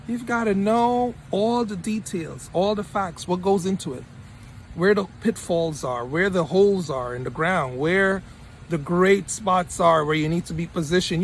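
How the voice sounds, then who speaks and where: An emphatic male mentor giving a motivational talk, with a fairly high voice that often repeats lines for punch. He speaks straight to his viewers as a coach would. A faint hum of passing traffic sits behind him. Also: normal speed. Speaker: study-abroad mentor.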